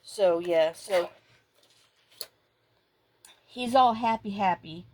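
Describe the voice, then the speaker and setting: A woman's voice: mid-range voice, very slow, darkish tone. A middle-aged woman, chatting casually while she crafts and retelling conversations at length. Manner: rambling storytelling, reenacting conversations. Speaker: junk journal crafter.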